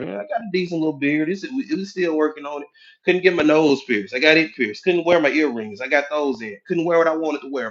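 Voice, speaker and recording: A man giving a preachy, animated motivational talk as a life coach, acting out the voices of people he quotes. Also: a little high, highs cut off. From United States.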